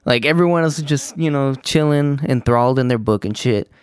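A man's voice: mid-range voice, fairly quick, clean tone, no room sound, clean studio sound. A young man co-hosting a podcast, telling a school story in casual, profane chat full of fillers. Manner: profane, animated, lots of fillers. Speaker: podcast co-host.

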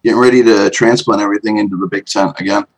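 A man's voice: on the low side, steady tone, quick pace, poor audio. A man on a live-streamed talk show panel, chatting in a laid-back way. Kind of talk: casual chat.

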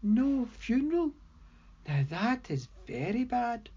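A woman's voice: fairly high pitch, very animated, slow, mellow, breathy edge, lo-fi sound, pitched above the performer's own voice, exaggerated voice. A woman voicing a teasing, mocking female demon with cloven hooves in an audio story. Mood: wry.

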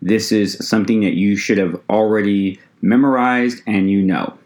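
An EMT instructor with a fairly low voice delivers a recorded lecture to his students, addressing them conversationally and frequently calling them "ladies and gentlemen." His intonation stays fairly even and his pace moderate, though he occasionally stumbles and starts a word over.

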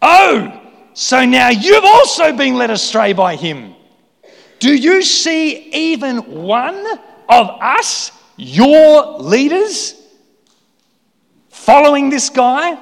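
A haughty, contemptuous religious leader sneers at the common folk in a loud, high, scornful voice, as a preacher acts him out. His mockery swings widely in pitch. The sound rings with long reverb from a large hall. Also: big pitch swings, slow, gravelly, full character voice. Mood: sneering. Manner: mocking, contemptuous.

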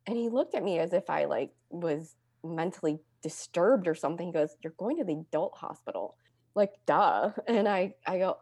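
Young woman, lowish voice, dry close sound, chatty storyteller with deadpan humor. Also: moderate pace, breathy edge, dry recording. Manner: deadpan humor, acts out quotes with lively pitch jumps. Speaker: guest telling her story. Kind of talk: casual conversational storytelling.

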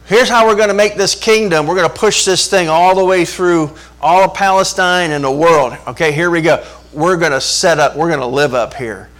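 A man's voice: fairly high pitch, normal speed, few pauses, faint music behind, close to an everyday voice. A man putting on a brash, overeager apostle. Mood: brash eager. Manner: boastful, hasty, excited. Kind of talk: sermon retelling.

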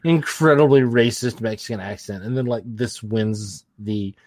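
A man co-hosting a podcast, chatting casually about old films, rambling through lots of fillers and breaking into animated mock impressions. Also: lowish voice, normal speed, no room sound, clean studio sound. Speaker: podcast co-host. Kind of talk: casual film-review chat.

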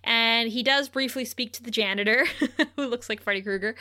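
Bright-voiced laughing woman co-host. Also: fairly high pitch, fairly quick. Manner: animated, laughs often, acts out quotes. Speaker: podcast co-host recapping a TV episode. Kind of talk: casual chat.

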